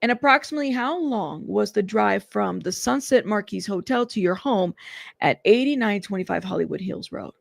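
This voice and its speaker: A woman's voice: mid-range voice, lively intonation, normal speed, gravelly, dry recording, studio quality. A woman reading out a prosecutor's careful, methodical questions to a witness in court. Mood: questioning.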